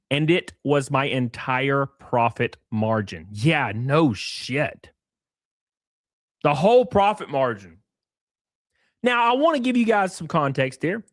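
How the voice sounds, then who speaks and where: A man's voice: a little high, no room sound, clean studio sound. A man hosting a livestream, reading messages aloud with sarcastic, profane commentary. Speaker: streamer host.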